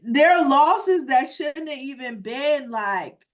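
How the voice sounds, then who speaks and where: A woman hosts a casual sports podcast in a high, expressive voice, speaking slowly. She's emphatic and curses a lot, peppering her talk with "like."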